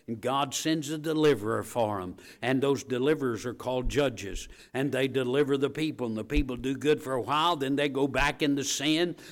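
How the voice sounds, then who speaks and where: A male preacher gives a homespun, conversational sermon, dropping quick folksy asides to the congregation. He repeats key lines, often falling to a low, quiet hush and then rising into loud, emphatic bursts.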